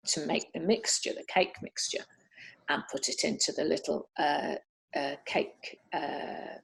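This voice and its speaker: A woman in her fifties from Britain, chatty and quick to laugh, answering questions in a casual video chat. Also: fairly low pitch, creaky. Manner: chatty, laughs often, many fillers. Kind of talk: casual Q&A over video call.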